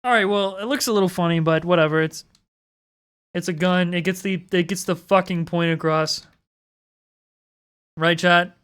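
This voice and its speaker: A woman streamer chats casually with her viewers while drawing, swearing freely and making fun of herself. Her voice is on the low side, clear and resonant, with a steady tone, normal speed, and long pauses.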